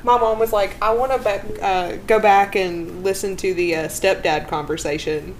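A woman's voice: mid-range voice, steady tone, moderate pace, slight background noise. A woman co-hosting a podcast, telling playful stories and quoting people in casual banter. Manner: playful storytelling, quotes people. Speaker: podcast co-host.

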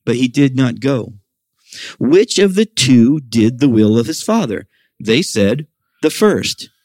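At a measured pace, a middle-aged pastor delivers an expressive sermon to his congregation during a church service. He speaks at a normal pitch, raising it to act out quoted questions. The recording is close and dry with minimal room echo.

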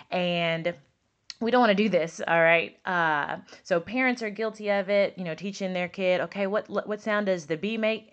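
A woman talks on her podcast in an easy, chatty way, and her voice sits slightly low. She leans on emphasis and repeats words to drive home her teaching points. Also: a bit bright, muffled recording. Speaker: podcast host, speech pathologist and teacher. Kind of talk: casual podcast talk.

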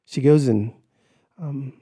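A man guest on a podcast, telling a personal story in an animated way and acting out the voices of others. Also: medium pitch, slow pace, breathy edge. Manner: animated, acts out quoted voices, shouts in retelling.

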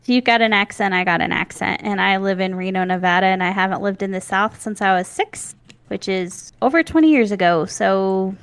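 A woman's voice: medium pitch, fairly quick, clean tone, no room sound. Giggly young woman, dry close mic. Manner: giggly, teasing. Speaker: podcast co-host. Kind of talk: casual chat. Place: home recording setup. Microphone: studio mic with pop filter.

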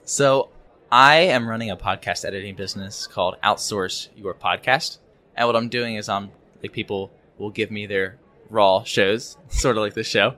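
Bright-toned young man, halting speech. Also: lowish voice. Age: young adult. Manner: halting, many repeats and likes. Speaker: podcast guest. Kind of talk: casual interview chat.

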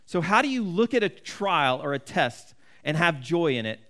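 A man preaching a sermon in a somewhat high voice. He talks in an earnest, conversational way and often restarts his sentences. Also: very animated, normal speed, a bit bright. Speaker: pastor.

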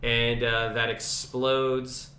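A man co-hosting a podcast, recapping scenes in a relaxed way with plenty of ums. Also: mid-range voice, extremely slow, echoey room. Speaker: podcast co-host. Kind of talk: casual chat.

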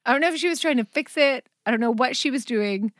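A mother hosts a podcast in a high, fast voice, casually chatting and rambling through funny stories about her family while often bursting into laughter. The recording is dry and studio quality.

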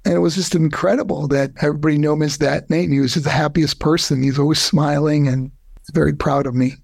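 An older man, a podcast guest, telling a heartfelt personal story in an earnest way, his voice climbing high when he is moved. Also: fairly even intonation, fast talker, gravelly, darkish tone, dry recording.

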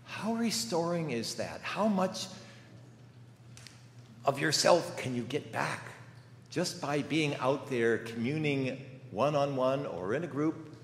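A man's voice: mid-range voice, a little hiss or hum. An older man giving a sermon as a guest preacher, telling stories in a conversational way with rhetorical questions. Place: church sanctuary. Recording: echoey church hall with faint ambience.

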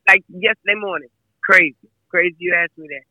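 Interviewed as a guest, the mother of a football player chats casually and emphatically about her son, repeating herself often. She speaks briskly in a lowish voice, over phone-quality audio with no echo.

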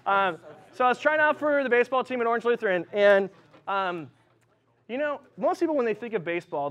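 A man's voice: high-pitched, a bit bright, highs cut off. A male pastor giving a casual, conversational sermon, full of ums and likes. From Southern California. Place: church.

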